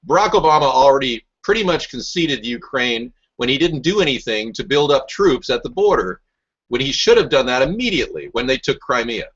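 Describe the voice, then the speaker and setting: A man's voice: mid-range voice, big pitch swings, a little fast, a bit bright, slightly rough, dull audio. A man hosting a rambling political talk show, answering live chat in a combative, mocking and sarcastic way.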